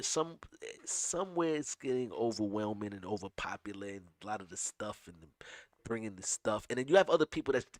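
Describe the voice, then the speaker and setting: Man, casual commentary host, emphatic, lively swooping pitch, dry close sound. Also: dry recording. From upstate New York. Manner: animated, emphatic, many restarts.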